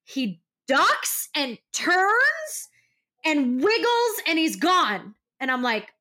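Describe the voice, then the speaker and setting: A young woman with a high, bright voice chats casually as a podcast co-host. She tells stories animatedly and acts out the scenes as she goes. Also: extremely slow. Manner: animated storytelling, acting out scenes. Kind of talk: casual chat.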